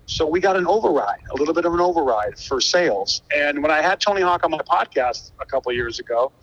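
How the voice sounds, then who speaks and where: A man's voice: on the high side, quick pace. A man, a guest musician, telling stories energetically in a casual interview and acting out the dialogue. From Buffalo, New York. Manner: energetic, acts out quoted dialogue. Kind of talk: animated storytelling in casual conversation. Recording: dull lo-fi sound.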